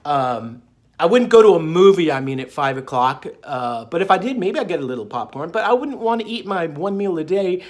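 A man's voice: on the high side, expressive, fairly quick. A man hosting his own diet channel, talking in a jokey, rambling way full of fillers and asides. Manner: jokey, digressive, lots of fillers. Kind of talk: casual rambling monologue.

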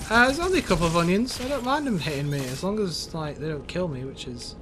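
A man's voice: fairly high pitch, animated, quick pace, music in the background. A young man casually commentating a co-op shooter game, joking, swearing and narrating his own moves. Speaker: gameplay commentator.

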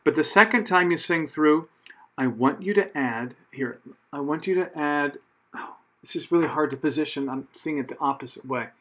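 Speaking at a moderate pace in a fairly high, slightly bright voice, this man directs a choir rehearsal. His instructions are patient, sprinkled with fillers, and he often corrects himself.

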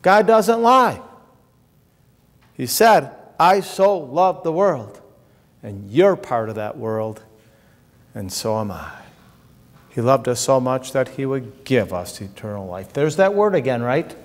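A male pastor preaching a sermon with passion, swinging between soaring high exclamations and low, quiet drops. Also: lively intonation, a little slow. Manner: impassioned, rising to high exclamations then dropping low. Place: church sanctuary. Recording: long church reverb.

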